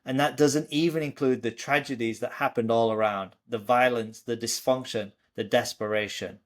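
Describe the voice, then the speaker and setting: A man's voice: mid-range voice, moderate pace. A man co-hosting a podcast, reading memoir passages aloud and retelling the story in between. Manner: storytelling, lively when quoting. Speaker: podcast co-host.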